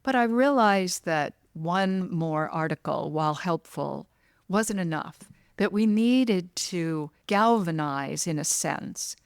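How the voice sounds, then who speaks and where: A woman's voice: lowish voice, animated, takes it slowly, clear, resonant tone, no echo, clean studio sound. A woman guest on a podcast, explaining her idea in an earnest, articulate, passionate way. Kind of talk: conversational interview.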